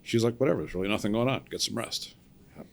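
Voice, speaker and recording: A middle-aged cable splicer, appearing as a podcast guest, tells a story casually in a fairly low, creaky voice at a quick pace. He's animated, acting out everyone's lines and laughing at his own punchlines.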